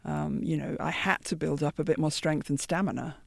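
British woman, 50s, deep gravelly voice, thoughtful interview guest, dry studio sound. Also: steady tone, brisk, no room sound. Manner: thoughtful, soft-spoken, many restarts. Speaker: guest singer. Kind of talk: reflective interview answers.

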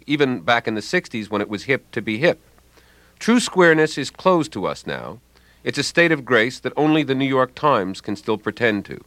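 Wry man reading lively radio commentary. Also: mid-range voice, dry recording. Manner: dry, wry and ironic. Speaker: language commentator.

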